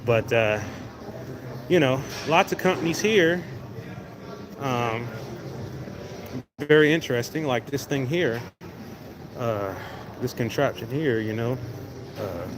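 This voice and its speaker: On a casual walking livestream, a male host rambles easygoingly to viewers while moving through a large indoor venue, using his phone's mic. His medium-pitched voice has lively intonation, and he speaks slowly with frequent pauses. Background noise from the venue fills the recording.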